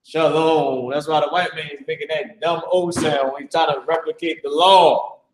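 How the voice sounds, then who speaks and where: A man with a fairly high voice teaches a live religious lesson, emphatic and mocking. He drills pronunciation by repeating words again and again. The sound is roomy and echoey. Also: level tone, fairly quick. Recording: echoey room.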